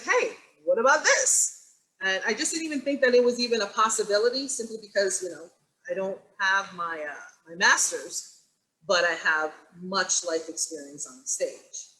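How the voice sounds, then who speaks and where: A woman with a bright, forceful voice moderates an online panel discussion. She tells stories animatedly and acts out the quoted lines. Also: mid-range voice, low-quality recording. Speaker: moderator and acting teacher. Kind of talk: panel discussion on a video call.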